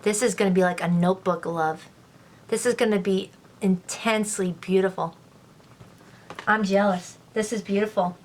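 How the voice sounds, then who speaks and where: A woman giving a casual tarot love reading to her viewers, gushing and exclaiming with excitement as she turns the cards. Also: mid-range voice, moderate pace. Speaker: tarot reader.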